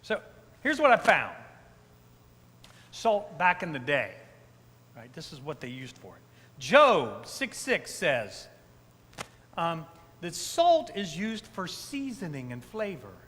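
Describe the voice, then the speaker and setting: Male pastor, high lively voice, slow emphatic preaching, church sanctuary with a long echo. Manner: conversational, frequent "right?" asides to the congregation; emphatic repetitions. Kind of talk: sermon.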